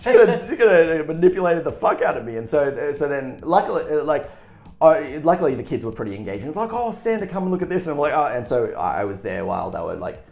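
A man's voice: mid-range voice, sing-song, quick pace, gravelly, a little mellow, dull audio. A man telling a rambling, self-deprecating story in casual chat, with many restarts. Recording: echoey room with faint music.

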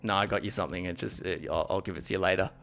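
A man co-hosting a podcast in casual chat, animated and often laughing as he acts out silly quotes. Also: low-pitched, rapid-fire, gravelly, soft background music. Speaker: podcast co-host.

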